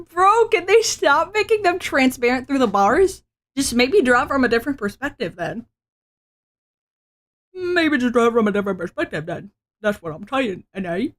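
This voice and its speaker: A woman's voice: sits high, expressive, normal speed. A woman streamer reading webtoons aloud, breaking off into joking, self-mocking comments.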